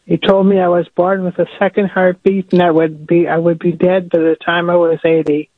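A woman's voice: fairly low pitch, level tone, a little fast, no echo. Woman caller on a tinny phone line. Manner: soft, repeats prayers after the host.

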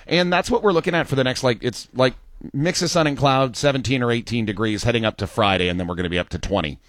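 A man's voice: mid-range voice, fast, a bit bright, no room sound. A man co-hosting a morning radio show, chatting casually and reading the weather and promos in a studio. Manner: easygoing, reads weather and promos. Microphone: studio microphone.

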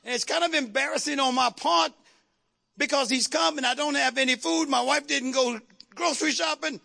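Male pastor, fervent call-and-response sermon, very high and gravelly, bright and forceful. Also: normal speed.

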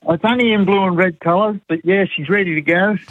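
A man's voice: sits high, brisk, no echo. A man calling in to a radio show, easygoing in his chat. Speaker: caller. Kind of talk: phone-in chat. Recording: tinny phone line.

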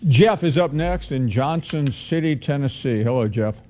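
A man hosting a call-in sports radio show, speaking in a relaxed way with many pauses. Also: mid-range voice. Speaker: radio sports talk host.

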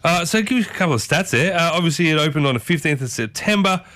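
A man's voice: a little high, lively intonation, quick pace, a bit bright, no echo. An Australian man hosting a casual morning radio show, chatty and enthusiastic, often repeating his catchphrases, speaking from a radio studio. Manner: chatty and enthusiastic, repeats "I tell you what". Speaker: radio host.

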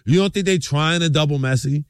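A man's voice: fairly high pitch, a little fast, clear, resonant tone, dry recording, studio quality. A man hosting a sports radio show, chatting loosely about soccer and then reading a sponsor spot. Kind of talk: casual sports talk with ad read.

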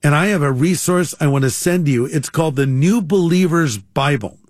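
A man's voice: fairly high pitch, animated, normal speed, no room sound, clean studio sound. A male pastor speaking on a radio program, earnest and plainspoken as he leads a prayer. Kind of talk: radio sermon, leading a prayer.

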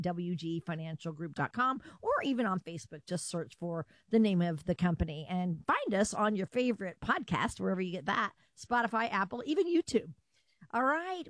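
A woman's voice: medium pitch, no echo. A woman hosting a retirement radio show, upbeat as she welcomes guests and reads out contact details. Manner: bright, upbeat, reads promos. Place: radio studio.

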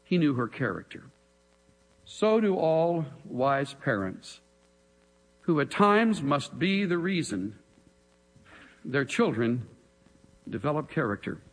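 A man preaching in a large sanctuary, his voice ringing with a long hall echo. He speaks slowly and deliberately, and his pitch swings widely from hushed low tones to raised, emphatic calls. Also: sing-song. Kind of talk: expository sermon.

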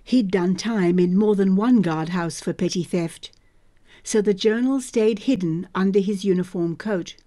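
Woman audiobook narrator, slow steady reading, warm mellow tone. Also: medium pitch. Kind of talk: scripted novel narration.

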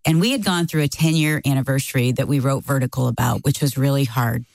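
A woman's voice: very deep voice, quick pace, gravelly, no echo. A middle-aged woman co-hosting a casual talk, telling a story and acting out the quoted lines. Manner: animated, acts out quoted lines. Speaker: co-host.

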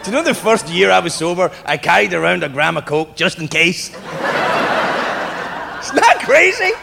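A man doing stand-up comedy, telling a story with shouted punchlines and mimicked voices, recorded live in a club with laughter behind him. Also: fairly high pitch, a little fast, gravelly, over a noisy crowd, heavy background noise. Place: comedy club stage with audience.

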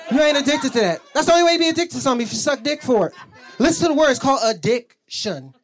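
A man's voice: very high-pitched, animated, racing, over music. A male stand-up comedian doing crude, teasing crowd work and laughing at his own jokes. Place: comedy club stage.

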